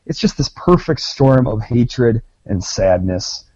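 A man co-hosting a podcast, his voice dark and mellow with a dry, close sound. He talks in a gleeful, profane, mock-gloating way. The recording is dull and lo-fi. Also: mid-range voice, expressive, slow, husky, no room sound. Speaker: podcast co-host. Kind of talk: casual chat.

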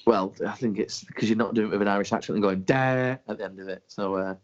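A man's voice: on the low side, flat delivery, rapid-fire. Sceptical, sweary man. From England. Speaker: podcast co-host. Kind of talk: casual banter. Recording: dull lo-fi sound.

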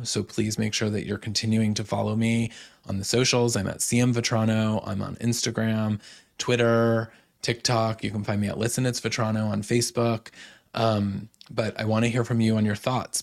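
A young man hosting a solo podcast, retelling a reality-show episode in a chatty way full of "like"s and quick restarts. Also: on the low side, creaky. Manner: chatty, filler-heavy retelling with many "like"s. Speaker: podcast host. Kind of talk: casual solo podcast recap.

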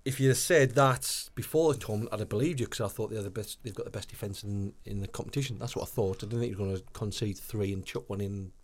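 A man's voice: fairly low pitch, fast talker, few pauses. Hesitant man talking goalkeeping. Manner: hesitant, repeats words, then explains in detail. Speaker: podcast co-host. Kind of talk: casual chat about goalkeeping.

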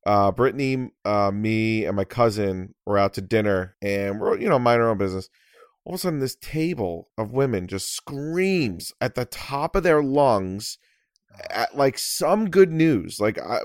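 A man's voice: mid-range voice, expressive, moderate pace, no room sound. A young man co-hosts a podcast with an exasperated, profanity-laced rant. The sound is dry and close. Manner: exasperated, swears a lot. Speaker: podcast co-host. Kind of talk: casual rant.

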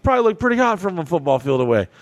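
A man from Kentucky hosting a podcast, telling a story in a profane, animated way, full of "like" fillers. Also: a little high, very fast, no room sound. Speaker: podcast host. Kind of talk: casual storytelling.

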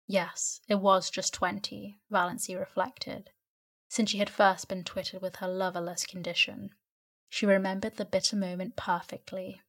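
A woman narrating a classic novel as a bedtime sleep story, in an even storytelling manner. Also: mid-range voice, normal speed. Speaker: audiobook narrator.

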